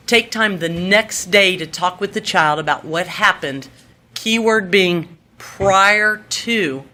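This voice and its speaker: A woman presenting at a seminar, teaching in a lively way that often checks in with "okay?" and acts out things said to children. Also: mid-range voice. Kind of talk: lively teaching talk to an audience.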